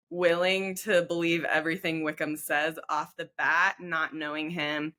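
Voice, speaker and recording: A woman co-host in casual chat, with a lower-pitched but bright voice. She talks in an earnest, opinionated way and throws in emphatic asides. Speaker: podcast co-host.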